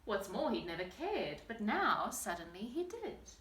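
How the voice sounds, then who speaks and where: A woman teacher reads a picture book aloud to small children in a lively, animated voice. Her tone is bright and fairly high, and the room adds a strong echo. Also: measured pace. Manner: expressive, animated storytelling. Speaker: teacher reading a story.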